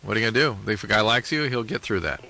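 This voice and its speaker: A man co-hosting a call-in radio show as the doctor, giving calm advice to callers. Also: on the low side, rapid-fire, rough recording.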